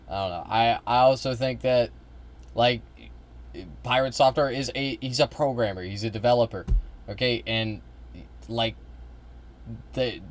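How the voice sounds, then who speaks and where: A young man streaming, reacting to a video in a rambling, halting way, with casual swearing. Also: mid-range voice.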